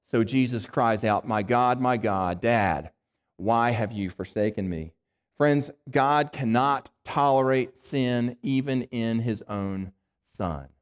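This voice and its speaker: A man preaching a sermon, reading scripture slowly and dropping his voice low to stress key words. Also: a little mellow, long reverb tail. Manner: reads scripture slowly, then drops low for emphasis.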